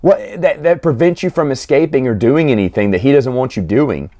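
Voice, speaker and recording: A man giving a casual, rambling solo review of comic books, with frequent restarts and quick snatches of acted dialogue. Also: mid-range voice, animated, dark tone.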